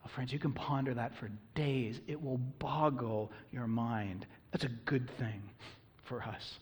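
A man's voice: mid-range voice, steady tone, a little slow, husky, big-room sound. A man preaching a sermon as pastor, earnest and emphatic, with rhetorical questions.

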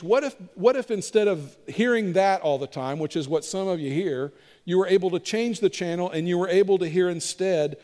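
A man preaching a sermon as pastor, moving between emphatic delivery and hushed, intimate appeals to the congregation. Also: high-pitched, a little fast. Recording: long hall reverb.

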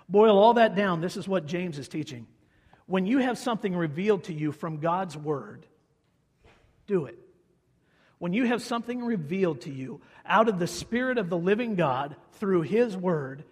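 Emphatic preacher man in an echoey hall. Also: slightly rough. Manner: emphatic, swings from loud declaiming to low quiet asides. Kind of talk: sermon. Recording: echoey hall with long reverb.

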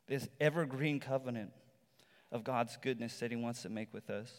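A male pastor giving a sermon in a relaxed, conversational storytelling manner, with rhetorical asides to the congregation. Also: medium pitch, normal speed. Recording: long reverb from a large hall.

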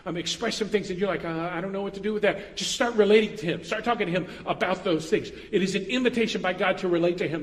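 A man's voice: high voice, lively intonation, fast, few pauses, in a large hall. A man preaching an earnest sermon as pastor, stressing points with repetition.

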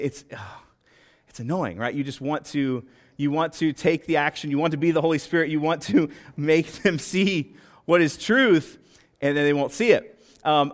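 A middle-aged man giving a casual sermon in a conversational, halting way, often restarting his sentences. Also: fairly high pitch. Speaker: lay preacher.

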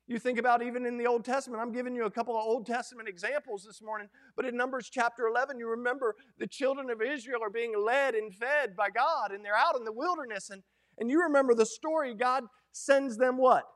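A middle-aged male pastor preaches a sermon in a very high-pitched voice at a quick pace. He's folksy and animated, acting out the lines he quotes.

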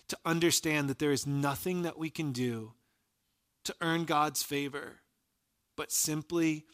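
A man preaching a sermon as a pastor, retelling scripture stories in an earnest voice and dropping soft and low for quoted lines.

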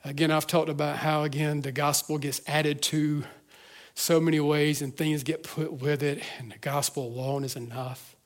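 A pastor preaching a sermon to his church, earnest, moving between hushed reflection and fervent emphasis with frequent restarts. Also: on the high side, level tone, moderate pace. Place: church service.

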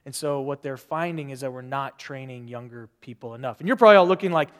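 A man's voice: mid-range voice, fast, few pauses, a bit bright, in a large hall. A man giving a sermon as pastor, talking in a loose conversational way full of fillers and restarts.

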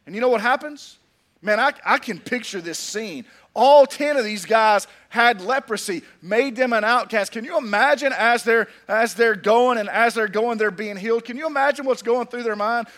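A man preaching a sermon in an unusually high, bright voice. He drives his points home through repetition and emphasis. He slips into humorous storytelling between scripture readings. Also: moderate pace. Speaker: pastor.

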